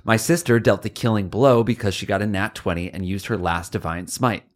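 A man's voice: fairly low pitch, fairly quick. A man co-hosting a comedy show, reading a listener's letter aloud in a dry, mock-formal way.

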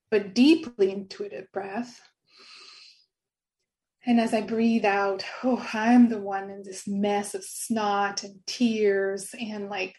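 A woman's voice: medium pitch, a little mellow. A middle-aged woman telling a personal story in an interview, earnest and laughing often. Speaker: guest.

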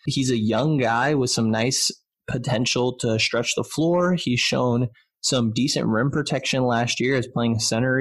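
A man co-hosting a sports podcast in casual chat, loose and talkative with frequent restarts. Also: medium pitch. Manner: chatty, loose, lots of "like" and restarts. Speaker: podcast co-host.

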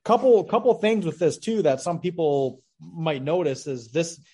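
A man with a slightly higher voice joins a podcast as a guest. He chats casually about a movie, dropping in profane jokes along the way. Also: expressive, normal speed, warm tone, breathy edge. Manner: joking, profane asides. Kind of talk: casual movie-review chat.

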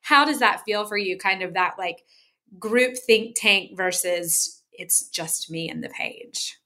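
A woman's voice: mid-range voice, slow, sharp tone. A woman co-hosting an interview who asks friendly, rambling questions full of fillers. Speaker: podcast co-host and novelist. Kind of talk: casual conversational interview.

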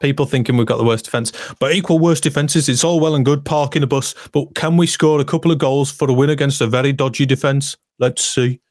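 A man's voice: medium pitch, steady tone, fast, few pauses, darkish tone, no echo, clean studio sound. A man co-hosting a casual football podcast, chatting and reading out listener messages. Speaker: podcast co-host.

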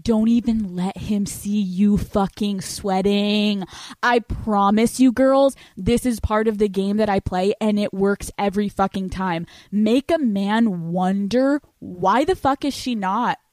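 A woman's voice: mid-range voice, a little slow, darkish tone, no room sound. A young adult woman hosting a podcast, giving blunt dating advice in a brash, heavily profane way and often acting out imagined conversations. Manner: blunt, brash, swears constantly, acts out imagined dialogues. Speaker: podcast host.

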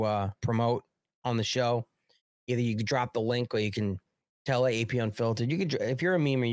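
In this dry, studio-quality recording with no room sound, a medium-pitched American man hosts a live stream. He reads the news aloud, then drifts into chatting and thanking viewers, rambling and cursing in casual commentary.

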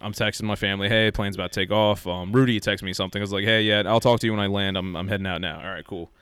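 A man in casual podcast chat, telling an animated story and acting out what people said. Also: lowish voice, racing, smooth, no room sound. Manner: animated storyteller, acts out quoted lines.

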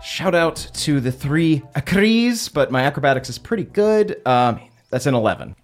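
A man's voice: a little high, normal speed, soft background music. A man playing a tabletop game, chatting casually with lots of filler words. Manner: filler-heavy, animated. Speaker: player. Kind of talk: casual chat.

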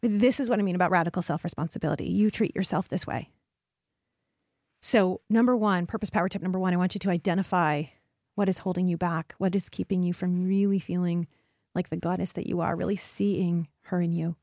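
A woman's voice: fairly low pitch, steady tone, brisk, a little mellow, dry recording, clean studio sound. A woman hosting a motivational solo podcast, speaking to her listeners in an earnest, encouraging way. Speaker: podcast host.

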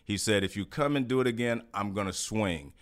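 A man's voice: lowish voice, a little fast. A man telling a conversational anecdote as an interview guest, checking in with the listener as he goes. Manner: conversational storyteller.

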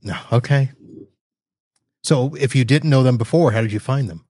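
A man's voice: mid-range voice, moderate pace, darkish tone, no echo, studio quality. A man hosting a casual interview, joking and laughing often with his guest. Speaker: show host.

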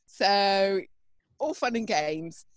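Woman, podcast co-host, very lively pitch, dry close sound, giggly. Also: extremely slow, dry recording. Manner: animated, giggly, self-mocking storyteller. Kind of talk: casual chat. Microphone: remote video call.

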